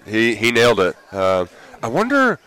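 A man's voice: medium pitch, wildly swooping pitch, moderate pace, sharp tone, smooth, poor audio. A man co-hosting a live radio show outdoors at a racetrack, telling stories with lots of fillers and little laughs. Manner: rambling storyteller with filler words and laughs. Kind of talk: casual live radio chat.

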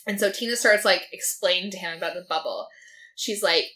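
A woman's voice: fairly low pitch, brisk, fairly bright tone. A young woman in casual chat, recapping a TV episode in a filler-heavy way and quoting the characters in her own voice. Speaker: podcast co-host.

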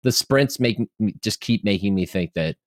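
Male podcast co-host, low dry voice, playful banter. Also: lively intonation, moderate pace, no room sound. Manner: jokey, laughs often, does silly voices. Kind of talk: casual sports chat.

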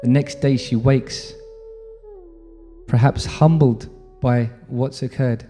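A man's voice: mid-range voice, steady tone, slow, warm tone. A man preaching a devotional sermon, telling a sacred story in a reverent, intimate way. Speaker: religious teacher. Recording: faint music under reverberant room.

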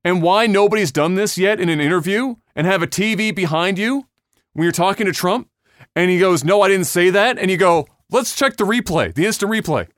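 A man's voice: high voice, animated, a little fast, a bit bright, no room sound, clean studio sound. A man hosting a casual podcast, ranting bluntly and heatedly with lots of swearing. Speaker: podcast host.

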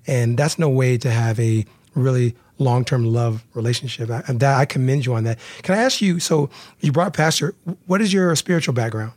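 A man's voice: mid-range voice, moderate pace, few pauses, darkish tone, no echo. Male host, earnest and stop-start, close dry sound. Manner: earnest, repeats words often. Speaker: podcast host. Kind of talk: casual interview talk.

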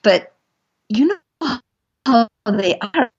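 A woman, a guest on a podcast, telling stories in an earnest, gentle way and getting animated as she goes, on a dull lo-fi recording. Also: fairly high pitch, extremely slow. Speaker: guest, animal rights advocate. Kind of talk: conversational podcast storytelling. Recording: dull lo-fi sound.

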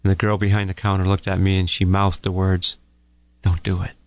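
A middle-aged man with a low voice hosts a radio talk segment. He is a couples therapist who tells stories in a calm, folksy way. The sound is dry and close, with no room around it. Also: fast talker, no echo. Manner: calm, folksy storytelling that addresses listeners as folks.

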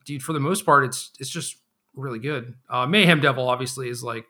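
A man's voice: medium pitch, fairly quick, pushed and bright. A man co-hosting a casual card game podcast, talking in a laid-back, rambling way with lots of fillers. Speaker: podcast co-host.

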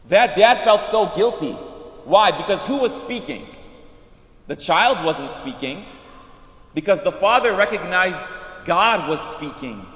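High bright-voiced priest preaching in echoing church. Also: male voice, measured pace. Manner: animated storytelling with asides. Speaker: Catholic priest. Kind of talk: sermon. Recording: echoey church hall.

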